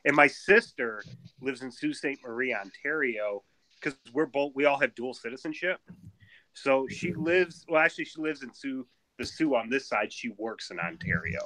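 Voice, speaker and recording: A man from the United States in a casual group video chat, telling things in a relaxed, matter-of-fact way. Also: mid-range voice, normal speed, no echo, low-quality recording. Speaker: geologist.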